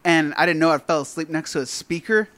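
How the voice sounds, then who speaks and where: A man's voice: a little high, fast talker, no room sound. A man telling a story in casual chat with friends, swearing and acting out the quotes. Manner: animated, swearing, acts out quotes.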